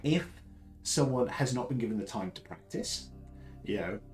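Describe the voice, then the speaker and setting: Southern english bloke, deep baritone, chatty and rambly, voice goes up and down a lot, faint music behind. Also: male voice, lively intonation, normal speed, low-quality recording. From Southern England. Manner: rambling, many fillers and restarts. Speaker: host. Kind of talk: casual live chat.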